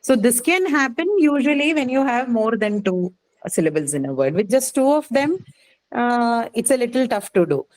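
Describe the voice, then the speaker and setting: Woman, teacher, patient lecturing, fills pauses with okay and uh. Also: fairly high pitch, big pitch swings, a little mellow, poor audio. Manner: patient, explanatory, frequent "okay" and "uh" fillers, asks questions. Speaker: English teacher. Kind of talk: live class lecture on word stress.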